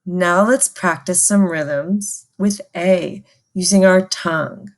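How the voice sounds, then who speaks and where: Woman, music teacher, slow pace, low voice, patient, call-and-response recorder lesson.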